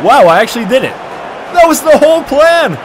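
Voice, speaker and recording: A man giving excited, trash-talking commentary over his own football video game match, often shouting. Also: extremely high pitch, a little fast, some chatter behind, a little hiss or hum. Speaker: gaming commentator.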